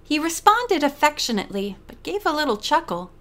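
A woman narrating a mystery novel for an audiobook in a steady storytelling manner. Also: sits high, fairly quick, hardly any pauses. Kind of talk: scripted narration.

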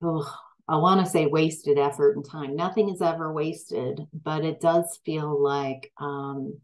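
A woman's voice: deep voice, steady tone, measured pace, poor audio. A woman giving a tarot reading, hesitant and full of fillers and restarts, growing emphatic at times. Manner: gets emphatic when frustrated. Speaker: tarot reader.

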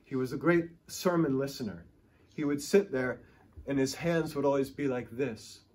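A man's voice: mid-range voice, moderate pace, darkish tone. A male pastor preaching a sermon, telling stories with emphatic, rising and falling delivery.

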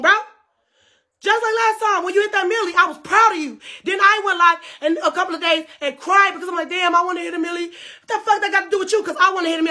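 Woman streamer, very high voice, heated profane live rant. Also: bright, forceful tone. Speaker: livestreamer. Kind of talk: livestream rant.

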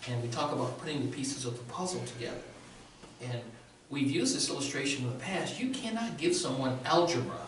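A man's voice: medium pitch, lively intonation, brisk, a little hiss or hum. A male pastor preaching a sermon in a conversational way with a sore throat, often checking in with the congregation. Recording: very echoey room, distant mic.

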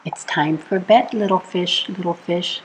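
A woman reading a bedtime picture book aloud to children, gentle and soothing, asking the listener little questions as she goes. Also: on the low side, measured pace, slight background noise, poor audio. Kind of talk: read-aloud storytime.

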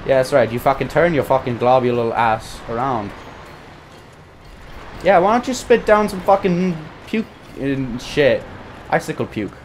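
A young man giving profane, frustrated commentary while playing a video game, muttering and then yelling. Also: medium pitch, expressive, measured pace, a little hiss or hum. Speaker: gaming YouTuber. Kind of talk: profane live gameplay commentary.

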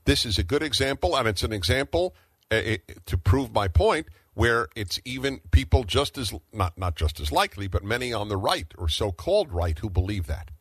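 A man's voice: lowish voice, sing-song, moderate pace, a bit bright, slightly rough, no room sound. A middle-aged man hosting a talk radio show, arguing emphatically and firing off rhetorical questions.

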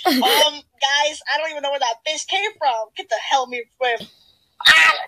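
A woman's voice: sits high, normal speed, a crowd in the background, rough recording. A woman doing crude comedic fan dub voices, giggly and teasing.

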